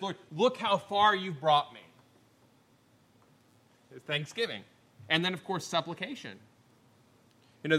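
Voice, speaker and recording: A middle-aged male preacher with a bright, forceful tone delivers a sermon. He tells the scripture story vividly, acting out the characters' lines with big rises in pitch and dropping to a near murmur for asides. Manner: animated storytelling, acting out the scripture voices with wide pitch swings.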